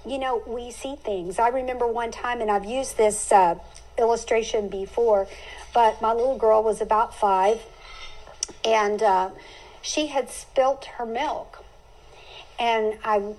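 A woman's voice: a little high, moderate pace, darkish tone, poor audio. A middle-aged woman hosting a Bible teaching podcast, speaking earnestly and heartfelt, with homey turns of phrase.

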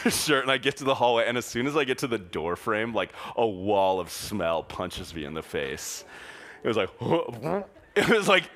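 Bright-voiced young man telling a youth talk. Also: medium pitch. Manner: animated, filler-heavy, laughing through the telling. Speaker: youth pastor.

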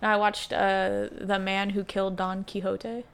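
A woman's voice: medium pitch, little pitch movement, a little slow, clear, resonant tone. A woman in her thirties co-hosting a podcast, chatting casually, laughing often and trailing off with fillers. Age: 30s. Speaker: podcast co-host. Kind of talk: casual chat.

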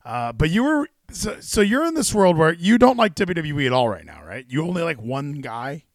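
Casual podcast dude, bouncy pitch, swears a lot, rambles, dry close mic. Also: male voice, normal speed, no room sound. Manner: animated, swearing, rambling with restarts. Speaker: podcast host. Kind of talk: casual wrestling chat.

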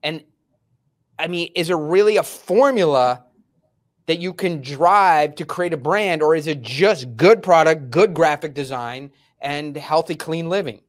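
A man's voice: a little high, a little slow. A man hosting a casual interview podcast, telling stories animatedly and acting out quotes. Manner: animated storyteller, acts out quotes. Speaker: podcast host.

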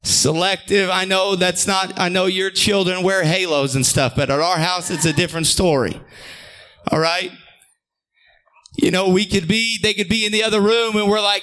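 High, bright-voiced preacher, shouting then dropping low. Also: male voice, steady tone, normal speed. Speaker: pastor. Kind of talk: sermon.

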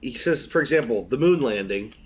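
Man, podcast co-host, lively pitch, explanatory, mildly exasperated, casual chat. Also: brisk, slight background noise.

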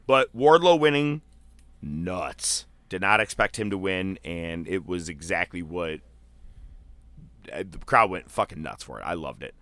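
Deep-voiced man telling a loose story. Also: measured pace, no echo. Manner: loose, profane storytelling with a lot of fillers; animated, jumps into high-pitched quoted voices. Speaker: podcast co-host. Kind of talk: casual chat.

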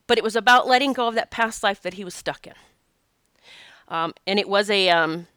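Woman telling a spiritual story, earnest and teary, sniffly, bright crisp voice. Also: medium pitch, dry recording, studio quality. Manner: earnest, emotional, tearing up at times. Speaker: spiritual teacher and intuitive reader. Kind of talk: casual storytelling monologue.

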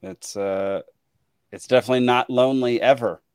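Laughing casual podcast host, dry sound. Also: male voice, medium pitch, moderate pace, darkish tone, smooth, no room sound. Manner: laughs often, trails off with ums. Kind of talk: casual late-night chat. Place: his home, alone with dogs.

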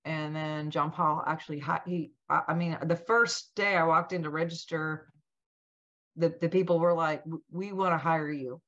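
Woman telling a wild personal story, lowish voice, acting out the dialogue, kinda dull lo-fi sound. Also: moderate pace. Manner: animated, acts out quoted dialogue. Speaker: interview guest.

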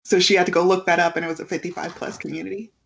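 A young woman co-hosting a podcast in casual chat, telling stories with lively acted-out quotes and frequent laughter. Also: lowish voice, racing, gravelly, slight background noise. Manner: animated storyteller, acts out quotes, laughs often. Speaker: podcast co-host.

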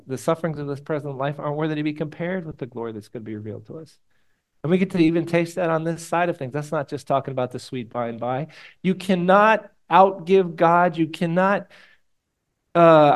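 A male pastor delivering a sermon, moving between loud exhortation and quiet, hushed prayer. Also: on the high side. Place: church room with congregation.

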